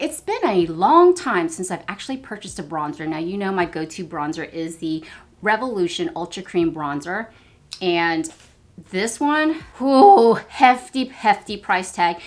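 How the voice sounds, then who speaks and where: Chatty older woman vlogger. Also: mid-range voice. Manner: chatty, self-deprecating, gushing over products. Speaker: beauty vlogger. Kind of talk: casual get-ready-with-me chat. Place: finished basement at home.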